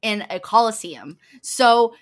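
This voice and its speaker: High-voiced sarcastic woman co-host. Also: expressive, slow, fairly bright tone. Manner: sarcastic, emphatic. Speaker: podcast co-host. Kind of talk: casual book review.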